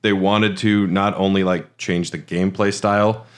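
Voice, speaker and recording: A man's voice: low-pitched, flat delivery, moderate pace. A man co-hosting a podcast, talking casually about games with lots of fillers and restarts. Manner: rambling, many fillers and restarts. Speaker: podcast co-host. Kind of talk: casual chat.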